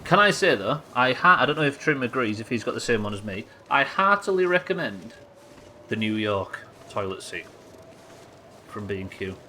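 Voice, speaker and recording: Bright-voiced Yorkshire streamer, swearing. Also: male voice, medium pitch, big pitch swings, normal speed, slight background noise. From Yorkshire, England. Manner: sweary, joking, chatty with viewers. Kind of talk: casual live-stream gameplay chat.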